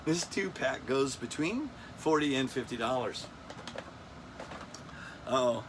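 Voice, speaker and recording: A man's voice: mid-range voice, expressive, slow pace, long pauses, background noise. A man in his fifties hosting a casual toy countdown, rambling, joking at himself and losing his place. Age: 50s. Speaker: toy collector host. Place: air-conditioned room.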